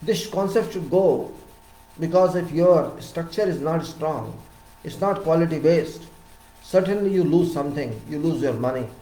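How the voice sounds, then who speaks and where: A man with an Indian English accent giving a lecture-style talk on civil engineering, emphatic and repeating words, his voice rising loud and dropping soft. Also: a little high, moderate pace, reverberant, low-quality recording.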